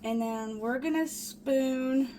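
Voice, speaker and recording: Taking it slowly, a woman speaks in a high-pitched voice over a little hiss or hum. She's a chatty, easily excited home cooking vlogger baking in her small kitchen and calling viewers "guys" in a casual demo.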